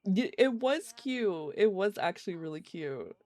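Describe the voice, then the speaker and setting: A woman's voice: medium pitch, very animated, a little slow, darkish tone, no room sound. A woman streamer giving casual, giggly commentary on a life-simulation game while she plays live. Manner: chatty, giggly, reacts to gameplay. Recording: faint game music behind.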